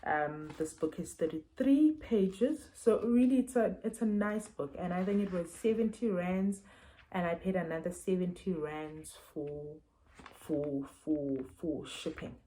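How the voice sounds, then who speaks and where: A South African woman chats casually about books she has read, her voice low and soft-edged. She talks warmly off the cuff, trailing into "um" and restarting her words as she goes. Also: unhurried, low-quality recording. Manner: chatty, many fillers and restarts. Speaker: book reviewer. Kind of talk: casual chat.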